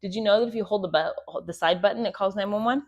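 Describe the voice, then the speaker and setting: The recording is muffled, and the homestead host talks fast in a mid-range, slightly mellow voice over a clip-on mic. She's chatty and casual while cooking at home, joking and laughing at herself throughout.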